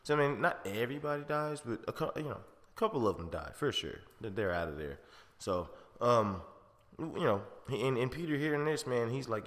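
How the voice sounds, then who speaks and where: Bright, rambling, profane podcast host. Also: male voice, medium pitch, lively intonation, normal speed, in a large hall. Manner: profane, rambling, laughing slang. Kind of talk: casual film review chat.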